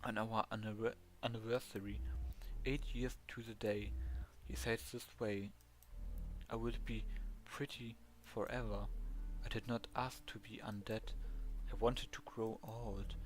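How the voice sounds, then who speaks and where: A man's voice: fairly low pitch, little pitch movement, lightly acted, rough recording. A man with a German accent reading the lines of a melancholy, formal female vampire ghost in a video game. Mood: wistful. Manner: slow, formal, subdued reading.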